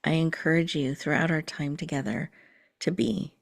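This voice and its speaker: A woman host leading a slow, soothing guided breathing meditation, sometimes dropping to a whisper. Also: low voice, fairly even intonation, creaky.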